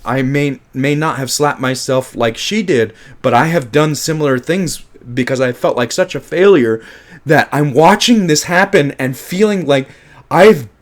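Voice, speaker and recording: A man in the middle of his range talks through a film he loves in a casual review monologue. He is emphatic and heated, swears freely, and keeps restarting his sentences as his feelings run ahead of his words. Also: medium pitch.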